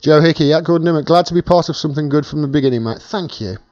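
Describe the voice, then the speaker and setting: A man's voice: fairly high pitch, rapid-fire, darkish tone, no echo, muffled recording. A British man hosting a casual live-stream Q&A, chatting and thanking viewers by name as he reads their comments.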